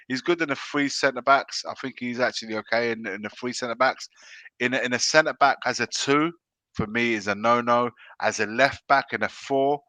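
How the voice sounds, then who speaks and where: A man co-hosting a casual football fan chat, animated, who tags "man" onto his sentences. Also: medium pitch, dry recording. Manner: animated, keeps saying "man". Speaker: co-host.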